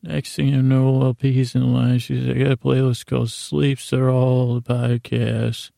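A man with a gravelly, mellow voice tells a meandering bedtime story, keeping his delivery flat and sleepy. The sound is dry and close, with no room around him. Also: unhurried, no echo. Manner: low-key, drowsy, meandering. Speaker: podcast host.

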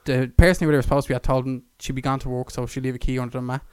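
Young Irish man, podcast co-host, chatty storyteller, swears freely, mid-pitched voice. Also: level tone, rapid-fire, darkish tone, clear, resonant tone, dry recording. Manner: swearing, laughing, acts out quotes in a raised voice. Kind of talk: casual chat, storytelling.

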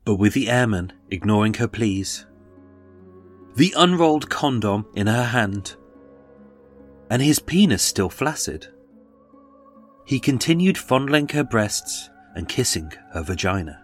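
A man's voice: lowish voice, lively intonation, measured pace, long pauses, soft background music. A man giving dramatic scripted true-crime narration and dwelling on detail.

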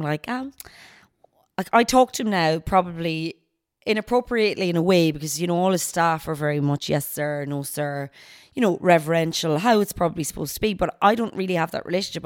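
Irish woman, lowish voice, dry close mic, lively anecdote with quoted voices. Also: no echo. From Ireland. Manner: animated retelling with quoted voices. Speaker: podcaster guest. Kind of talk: casual storytelling chat.

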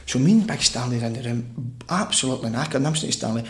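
A man's voice: mid-range voice, lively intonation, fast talker. A Scottish man telling a funny story as a podcast guest, laughing and swearing as he goes. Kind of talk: casual storytelling.

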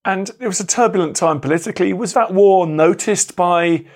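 Interviewer guy, higher voice, short curious questions. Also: moderate pace. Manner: brief, probing questions.

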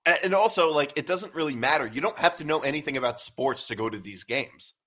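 A young man co-hosting a sports podcast, easygoing and a bit halting as he talks. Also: on the high side, lively intonation, fairly bright tone. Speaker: podcast co-host. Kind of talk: casual chat.

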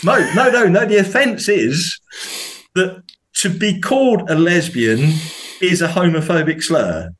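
A man's voice: high-pitched, measured pace. A man from the UK, a podcast guest, talking casually with many restarts and indignant rising questions. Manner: animated, hesitant restarts, rises sharply when indignant. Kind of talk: casual conversation.

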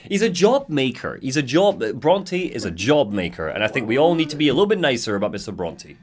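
Animated man bantering on a podcast. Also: medium pitch, brisk, a crowd in the background. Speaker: podcast co-host. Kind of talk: casual chat.

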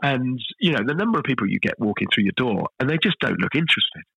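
A middle-aged man, a chef guest telling stories in a relaxed podcast interview, self-deprecating and full of restarts. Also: mid-range voice, fast, vocal fry, slightly rough, dry recording, poor audio. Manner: chatty, self-deprecating storyteller with frequent restarts.

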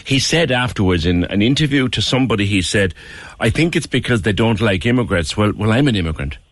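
Deep-voiced radio host. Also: male voice, lively intonation, a little fast, no echo. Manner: earnest, repeats phrases for emphasis. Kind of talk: radio phone-in talk. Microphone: studio microphone.

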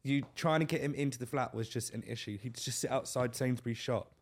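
A young man on a podcast, earnestly recounting a bad flatmate story. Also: mid-range voice, brisk, slight background noise. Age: young adult. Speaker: podcast co-host. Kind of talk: casual chat, storytelling.

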